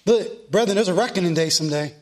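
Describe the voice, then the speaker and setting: A middle-aged man preaching a sermon in a church, fervent, swinging from loud Scripture reading to soft, earnest pleading. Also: sits high, quick pace. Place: church sanctuary.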